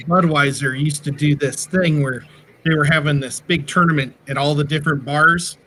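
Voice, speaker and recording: A man's voice: on the high side, sharp tone. Chatty man, light hiss. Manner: rambling, chatty storyteller. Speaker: livestream co-host. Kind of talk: casual livestream chat.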